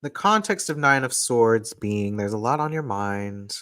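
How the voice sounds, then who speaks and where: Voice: medium pitch, expressive, unhurried, a bit bright, dry recording. A person giving casual astrology and tarot readings on a live stream, chatty and playful, talking close to a microphone. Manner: playful, chatty, laughs often. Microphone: desk microphone, close.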